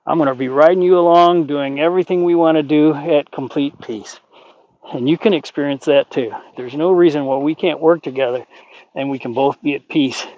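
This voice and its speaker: A man working as a horse trainer, calmly explaining while talking gently and soothingly to a horse outdoors. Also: a little high, normal speed, no room sound, highs cut off. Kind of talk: training commentary.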